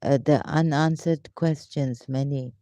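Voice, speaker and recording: A woman hosting a casual live question-and-answer session, talking in halting, rambling, broken English with frequent fillers, and sometimes talking to herself. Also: sits low, fairly even intonation, mellow, no room sound. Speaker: live Q&A host.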